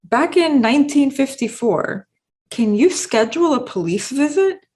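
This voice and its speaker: A woman's voice: high voice, lively intonation, a little slow, a little mellow. A woman hosting a video essay, talking through her analysis in a casual, explanatory way.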